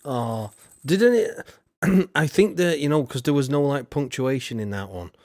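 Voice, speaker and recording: Young adult man, live streamer, easygoing chatter, thinks aloud, chuckles, unhurried pace, dry close sound. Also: medium pitch, expressive, darkish tone, no echo. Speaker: streamer reading out viewer donations. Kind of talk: casual live-stream chat.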